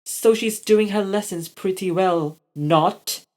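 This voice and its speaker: A storyteller voicing a bossy young girl who exclaims in a high, loud voice. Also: takes it slowly, close to an everyday voice. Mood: upset.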